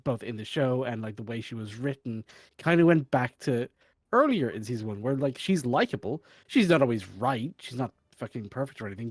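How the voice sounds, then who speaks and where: A man's voice: medium pitch, darkish tone, slightly rough, no echo. A man co-hosting a podcast, giving blunt opinions in casual chat and swearing freely. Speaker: podcast co-host.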